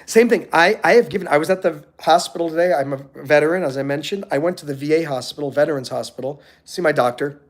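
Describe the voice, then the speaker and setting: A middle-aged man on a motivational live stream, telling animated stories and acting out the people he quotes. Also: fairly high pitch, fast, few pauses.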